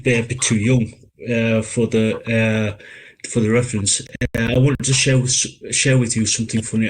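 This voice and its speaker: A man's voice: mid-range voice, a little hiss or hum, rough recording. A man hosting a casual live-stream interview on a video call, talking hesitantly and full of fillers. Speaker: host. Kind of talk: casual chat.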